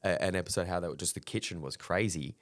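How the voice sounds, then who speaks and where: A deep-voiced man in his thirties talks candidly in a casual podcast chat, swearing freely and laughing between stories. The recording is close and dry, with no room sound. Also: fast, no room sound. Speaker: comedian guest.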